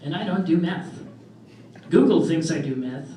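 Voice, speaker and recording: A young man doing a stand-up comedy set, deadpan and self-deprecating, with trailing fillers. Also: a little high, normal speed, a crowd in the background. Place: club stage in front of a live audience. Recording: roomy club audio from far off. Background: audience laughter.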